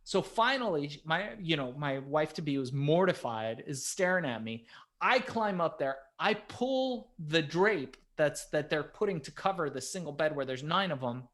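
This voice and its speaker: A middle-aged man co-hosting a podcast, telling stories with a very lively, swooping pitch. His voice drops to a hush and then climbs to loud bursts, in easy casual chat. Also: normal speed. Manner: animated, swings from hushed to loud. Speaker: podcast co-host.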